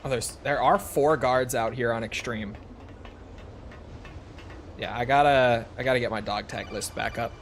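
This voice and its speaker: A man's voice: mid-range voice, a little slow, long pauses, slight background noise. A man giving casual gameplay commentary, chatty and joking as he thinks aloud. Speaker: gaming video creator.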